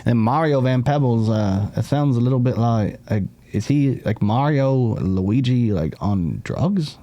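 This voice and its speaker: A man's voice: mid-range voice, animated, dark tone, no room sound. A man hosting a comedy podcast in a studio, joking around, laughing easily and plugging a show. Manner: playful, quick to laugh, plugs the show. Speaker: podcast host. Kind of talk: casual comedy podcast chat.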